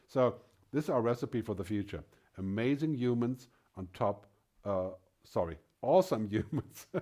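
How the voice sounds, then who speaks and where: A man's voice: lowish voice, a little mellow. A middle-aged man giving a conference keynote, emphatic and fond of rhetorical questions. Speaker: keynote speaker.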